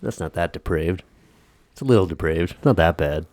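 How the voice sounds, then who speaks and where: A man's voice: low-pitched, animated, a little fast, darkish tone, dry recording. A man co-hosting a podcast in casual chat, cursing freely and talking at length. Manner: profane, talks at length. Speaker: podcast co-host.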